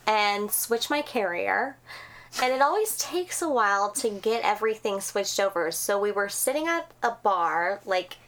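A woman's voice: medium pitch, animated, a little slow, fairly bright tone. A woman co-hosting a podcast, chatting casually and reading listener stories with lots of giggling and swearing. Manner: giggly, profane storyteller. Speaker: podcast co-host.

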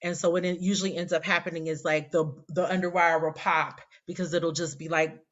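A woman's voice: fairly low pitch, level tone, brisk, muffled recording. A woman in her forties, a poet guest telling a rambling, candid, self-deprecating story in casual interview chat. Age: 40s.

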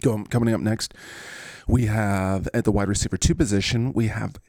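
A man's voice: fairly low pitch, fairly even intonation, normal speed, darkish tone, dry recording. A man hosting a podcast in a goofy, playful, casual way. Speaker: podcast host. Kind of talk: casual fantasy sports chat.

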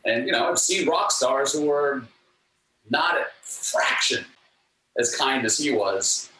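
A man telling earnest stories as a guest, acting out the lines of the people in them. His pitch moves a lot, and his tone is bright. The recording is echoey, picked up from a distance, with faint ambience behind him. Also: slow. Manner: animated, earnest, acts out quotes. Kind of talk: storytelling anecdotes in an interview.

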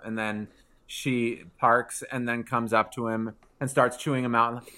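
A man co-hosting a casual chat, retelling a TV episode with animated asides and acting out lines. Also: mid-range voice, normal speed. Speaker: podcast co-host.

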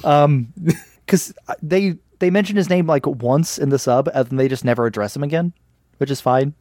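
A man's voice: on the high side, a little mellow, no echo, clean studio sound. A man co-hosting a casual podcast, joking and retelling scenes while acting out quoted lines. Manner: joking, acts out quotes in quick voices. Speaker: podcast co-host. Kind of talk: casual chat.

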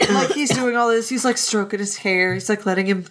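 A woman's voice: mid-range voice, fairly quick, fairly bright tone. A young woman co-hosting a casual podcast chat about a book, joking and swearing casually. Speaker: podcast co-host.

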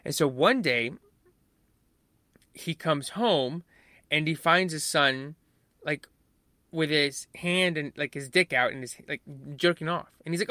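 Guy chatting, bright voice, kinda high, dry close sound, swears a lot and acts out scenes. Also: a little slow, pauses often, dry recording. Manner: animated, swearing, acts out characters. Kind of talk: casual chat about a film.

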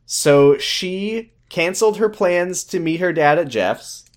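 Brief: male co-host, lively pitch, sweary, retells scenes with quick voices. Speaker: podcast co-host. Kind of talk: casual recap chat.

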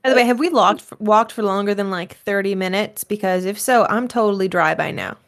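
A woman's voice: medium pitch, brisk, noisy background. A woman chatting playfully as a player in a tabletop game. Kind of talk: casual play chat.

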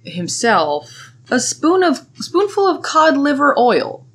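A woman's voice: sits high, huge pitch swings, a bit bright. A woman co-hosting a casual podcast, recapping a TV episode and acting out the characters' lines. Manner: chatty, acts out characters' lines in quick voices. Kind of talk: casual chat.

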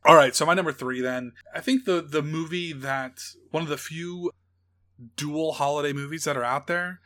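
A man's voice: a little high, moderate pace, bright, forceful tone. A man co-hosting a podcast, chatting casually and enthusiastically about films, teasing his co-host and laughing easily. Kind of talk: casual film chat.

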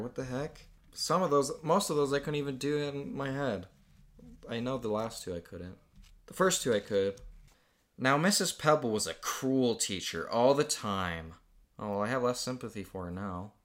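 Young male host, bright forceful tone, chuckles through his own kid-written story. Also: medium pitch. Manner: amused, laughs often while reading. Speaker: host reading aloud his own childhood comic book. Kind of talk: casual chat.

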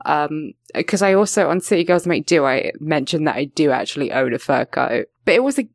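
A young woman from England hosting a casual podcast chat, animated, swearing freely and laughing often. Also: low-pitched, brisk, vocal fry, no echo, studio quality. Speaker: podcast host.

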